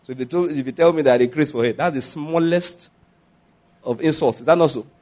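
A man preaching a sermon as a pastor, animated and often laughing as he mimics others. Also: fairly high pitch, fairly quick.

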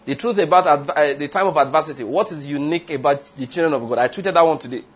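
A man's voice: fairly high pitch, quick pace, husky. A man preaching a sermon, emphatic, asking the congregation rhetorical questions and drifting into tangents. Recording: dull lo-fi sound.

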